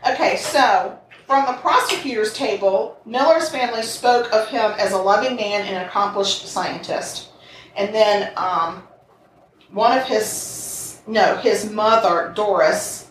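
Blunt, animated woman in a roomy space. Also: mid-range voice, measured pace. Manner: animated and blunt, with crude jabs. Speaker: podcast co-host telling a true crime case. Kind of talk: casual true crime chat. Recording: roomy and distant with faint noise.

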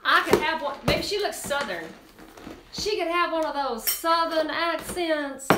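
High-voiced bubbly woman cooking live. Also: unhurried, reverberant, noisy background. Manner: chatty and bubbly, talks to viewers. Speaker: cooking show host.

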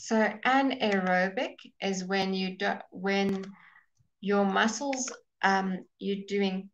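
A woman teaching a live online English class, explaining slowly and patiently and sounding out of breath. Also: medium pitch, muffled recording, a little hiss or hum. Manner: slow, explaining patiently, with fillers and restarts. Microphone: webcam or computer mic.

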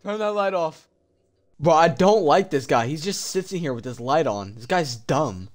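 Young male streamer, high and very lively voice, slangy horror-game commentary, yelps when startled. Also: normal speed. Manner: animated, slangy, jumps from mumbles to yelps.

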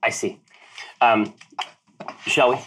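A man's voice: mid-range voice, fairly even intonation, takes it slowly, fairly bright tone, slight background noise. A man playing a tabletop role-playing game in a formal, mannered way of speaking. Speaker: player. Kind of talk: casual tabletop role-play.

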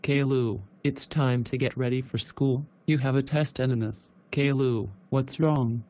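A synthetic male text-to-speech voice playing a fussy, gullible mother in a cartoon, with a flat, even delivery. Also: mid-range voice, unhurried, lightly acted. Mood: concerned.

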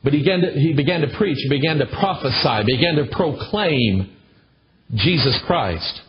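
A man's voice: on the high side, lively intonation, normal speed, muffled recording, background noise. A pastor in his sixties preaching a folksy, conversational sermon with storytelling asides. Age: 60s.

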